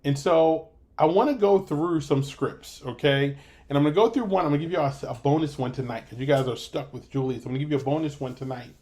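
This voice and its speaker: A man's voice: a little high, quick pace, dark tone. A man running a sales team training over a video call, coaching in an emphatic way and often repeating himself.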